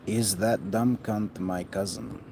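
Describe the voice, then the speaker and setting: A man's voice: lowish voice, steady tone, takes it slowly. A man talking in a rambling, profane monologue that often trails off mid-thought. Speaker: vlogger. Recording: noticeable background noise.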